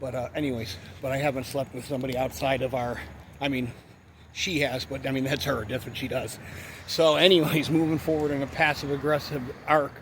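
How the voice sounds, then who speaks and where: A man's voice: mid-range voice, fairly even intonation, a little fast. A man telling a rambling story in a vlog, cursing often and saying "you know what I mean" again and again. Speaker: vlogger. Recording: outdoor noise behind voice.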